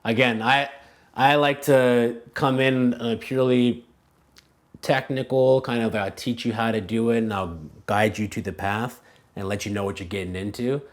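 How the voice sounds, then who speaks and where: A man's voice: mid-range voice, normal speed. A man being interviewed as a language coach, talking casually and thinking aloud, with many fillers and restarted phrases. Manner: casual, animated, many "like" and "you know" fillers. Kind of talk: conversational interview answers.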